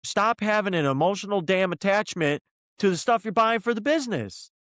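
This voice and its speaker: A man's voice: sits high, animated, fairly quick, fairly bright tone, no room sound, clean studio sound. A man co-hosting a casual podcast, worked up and ranting, swearing freely as he argues his point. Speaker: podcast co-host. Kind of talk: heated casual podcast discussion.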